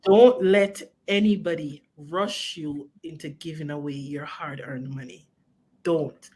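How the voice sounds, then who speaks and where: A woman speaks as a film director and guest in a relaxed interview. Her talk is animated and chatty. She restarts phrases and checks in with the listener often. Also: low voice, unhurried, slight background noise. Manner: animated, repeats herself, frequent "you know what I mean". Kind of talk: casual interview.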